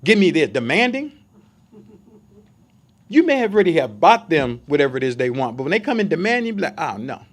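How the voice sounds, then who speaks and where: A man's voice: on the high side, very animated, a little fast, pauses often. A man giving a conversational Bible study sermon, emphatic and full of rhetorical questions for his listeners.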